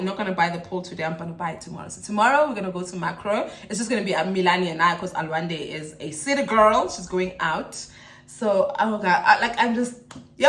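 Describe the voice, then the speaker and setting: South African woman in her 30s vlogging to camera, chatty and emotional, rambles, mid pitch, echoey room. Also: fairly bright tone. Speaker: vlogger and mother. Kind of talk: casual chat to camera.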